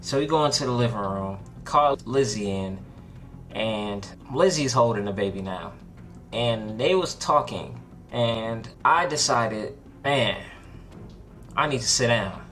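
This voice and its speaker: A man's voice: a little slow, soft background music. Young man telling a wild storytime. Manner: animated, acts out his own panicked quotes in a higher voice; laid-back slangy talk with many likes and restarts. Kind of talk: casual storytime narration.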